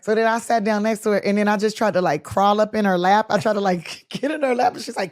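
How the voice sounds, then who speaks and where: A woman guest telling personal stories in an interview, animated and quick to act out the voices of the people in them. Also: medium pitch, no room sound, clean studio sound. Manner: animated storyteller acting out quoted voices. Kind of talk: storytelling interview.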